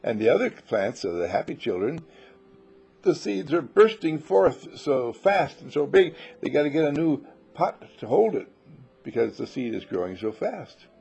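Brief: husky gravelly man with a lively pitch, giving a playful inspirational talk over faint music. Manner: playful storytelling, acts out little voices. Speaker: spiritual teacher. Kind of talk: inspirational talk to a small group.

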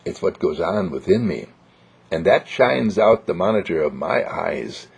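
Husky creaky-voiced man giving joyful affirmations. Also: low-pitched, lively intonation, a little slow. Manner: sing-song, joyful, repetitive affirmations. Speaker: inspirational speaker. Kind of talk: spiritual motivational monologue. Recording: dull lo-fi recording.

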